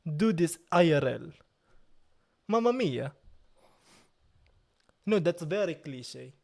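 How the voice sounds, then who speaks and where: Slow-talking playful man streaming live. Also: on the high side, expressive, gravelly, a little mellow. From Italy. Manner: playful mock outrage, slow drawn-out delivery. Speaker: livestream host. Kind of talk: casual live-stream chat.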